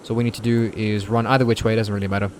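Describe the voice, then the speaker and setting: Relaxed male gamer talking through a playthrough; easygoing, unpolished. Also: lowish voice, very fast, slight background noise. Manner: laid-back, swears casually. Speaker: gaming YouTuber. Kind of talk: casual game walkthrough commentary.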